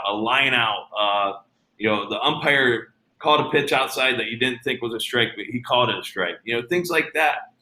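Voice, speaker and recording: A man's voice: medium pitch, pushed and bright, reverberant, poor audio. A man talking casually about baseball as an interview guest, telling stories with many fillers and restarts.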